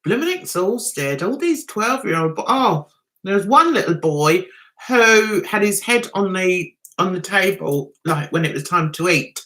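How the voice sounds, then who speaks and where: A woman's voice: on the low side, expressive, a little slow, fairly bright tone. A middle-aged woman hosting a casual livestream, chatty and self-mocking, laughing often as she greets viewers. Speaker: livestream host reading viewer chat.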